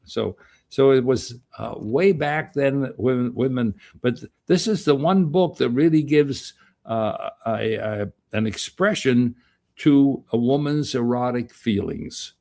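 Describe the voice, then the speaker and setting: A man's voice: medium pitch, slow, vocal fry, warm tone. An older man giving an informal, rambling Bible lecture, acting out the quoted voices in a folksy way. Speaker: Bible teacher.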